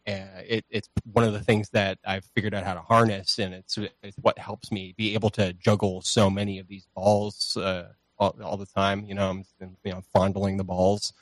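A man's voice: sits low, flat delivery, moderate pace, few pauses, no room sound. A man talking as a podcast guest in a loose, rambling, profane and self-deprecating way, recorded on a home streaming mic. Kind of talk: casual chat.

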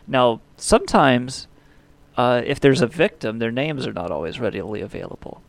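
A man's voice: mid-range voice, sing-song, moderate pace, creaky. A man co-hosting a profane satirical comedy podcast, with a mock-serious delivery. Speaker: podcast co-host.

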